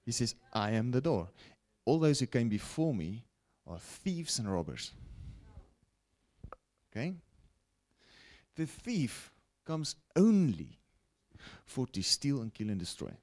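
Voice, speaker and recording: A man preaching a broadcast sermon, with animated rises and falls and frequent "okay?" check-ins to his listeners. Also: mid-range voice, takes it slowly, long pauses. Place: broadcast teaching setting.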